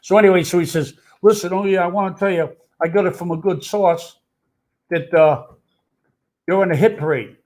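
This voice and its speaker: An older man tells his story bluntly, with a tough street manner and plenty of swearing. His voice sits somewhat high for a man. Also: normal speed, darkish tone. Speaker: storyteller guest. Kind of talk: casual storytelling.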